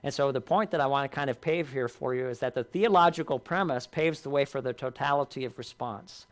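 Homem pregando um sermão com ênfase sincera. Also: male voice, mid-range voice, fairly quick. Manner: earnest, rising in emphasis and dropping softly on key lines. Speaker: pastor. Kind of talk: sermon.

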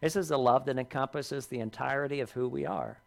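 Pastor preaching, earnest, building and dropping emphasis, mid-range voice. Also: male voice, medium pitch, fairly even intonation, a little fast, vocal fry. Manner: earnest, rising in emphasis and dropping softly on key lines. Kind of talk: sermon.

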